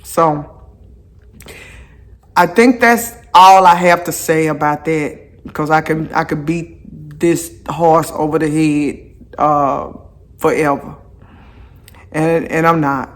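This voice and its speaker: A voice at a mid pitch, talking at an unhurried, drawn-out pace. The speaker chats to viewers while walking outdoors, circling back and repeating phrases for emphasis. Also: steady tone. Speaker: vlogger. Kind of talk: casual walking vlog talk. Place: outdoors on a walk.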